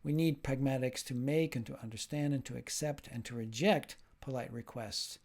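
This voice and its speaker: A man at an ordinary middle pitch gives a recorded lecture as a linguistics professor. He explains each point patiently and step by step, and acts out the example exchanges he uses. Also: moderate pace, a little mellow.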